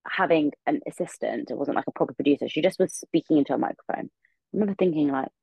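A woman's voice: deep voice, fast, creaky, breathy edge, no echo, dull audio. A young woman, a podcast guest in her room, telling a story casually and rambling with many filler words.

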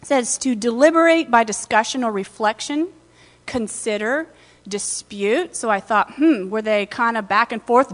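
A woman pastor giving a conversational sermon, retelling scripture with lively asides in a church. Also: on the high side, normal speed, long reverb tail.

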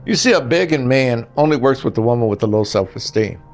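Faint music plays behind an older man whose medium-pitched voice is expressive and a little fast. Speaking directly to the guys, he hands out blunt relationship advice in a casual monologue full of stories.

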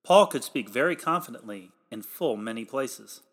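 A man delivering a read sermon in old-fashioned, formal pulpit language, emphatic and growing louder on the exhortations. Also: mid-range voice, lively intonation, moderate pace. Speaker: preacher.

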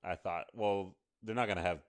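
A man with a very deep, low voice chats casually as a podcast co-host. He mostly chips in with brief remarks and questions. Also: normal speed. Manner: short interjections and questions. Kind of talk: casual chat.

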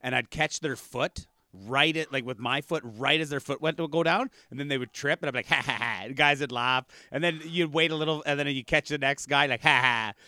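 A man's voice: on the high side, a little fast, few pauses, bright, forceful tone, no echo. A man who is a comedian, telling rambling stories in casual chat and laughing through them, on a video call. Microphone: remote video call.

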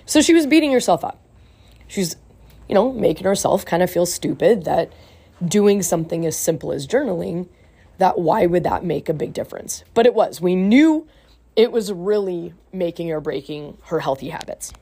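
A woman's voice: fairly low pitch, expressive, normal speed, warm tone, slightly rough. A woman life coach and podcast host telling a client story in a casual, earnest way. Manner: earnest, retells conversations with acted quotes.

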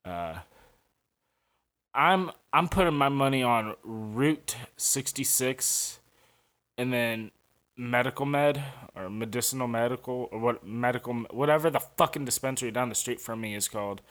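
Ranting, crude St. podcaster. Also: male voice, mid-range voice, moderate pace, fairly bright tone. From St. Louis, USA. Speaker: podcast host. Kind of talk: profane podcast monologue.

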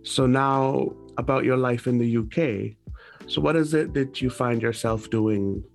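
A young man hosts a relaxed interview at a middle pitch. He giggles readily and trips over his first words, with faint music behind him. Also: unhurried, vocal fry. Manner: giggly, stammers at the start of sentences. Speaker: podcast host. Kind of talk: casual conversational interview.

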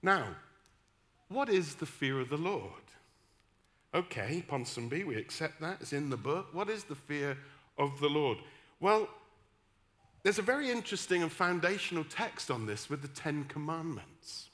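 A middle-aged man from the West Country with a West Country accent, preaching a sermon with humorous, animated storytelling and emphatic repetition. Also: on the high side, unhurried. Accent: West Country English. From West Country, England.

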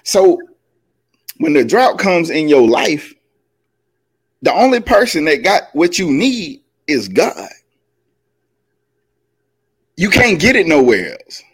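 A man's voice: fairly high pitch, sing-song, slow, pauses often, breathy edge. A man co-hosting a faith podcast, sermonizing in a casual, folksy way with slang. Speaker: podcast co-host. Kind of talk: faith-based podcast talk.

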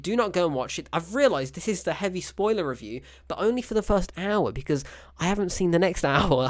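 Exasperated man ranting about a film. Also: fairly high pitch. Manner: exasperated, sarcastic ranting with frequent cut-off swearing. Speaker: film reviewer, show host. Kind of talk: ranting solo film review.

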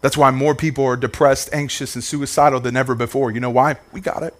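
A man's voice: medium pitch, steady tone, fast. A male pastor preaching a sermon with fervent energy, a sing-song cadence and repeated phrases, calling out to the congregation. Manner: calls out to the congregation.

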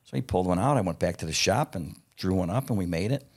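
A man's voice: low-pitched, animated, fast talker, a little mellow, husky. A middle-aged man telling stories in a casual interview, blunt and profane, often laughing as he talks. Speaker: guest, parts company founder.

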